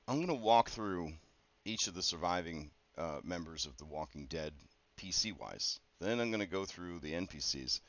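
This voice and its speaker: A man with a fairly low voice talks through his tabletop campaign prep as game master, rambling casually with lots of fillers and side remarks. The recording is dull and lo-fi, with a dry, close sound and no room echo. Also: fairly bright tone. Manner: rambling and conversational, with many fillers and quick asides.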